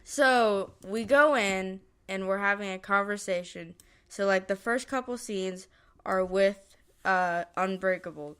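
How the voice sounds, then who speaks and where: Woman w a bright voice on a movie podcast, rambly, keeps forgetting names. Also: medium pitch, unhurried, clear, resonant tone. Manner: rambling, loses names, hesitant plot recap. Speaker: podcast co-host. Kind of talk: casual movie review chat.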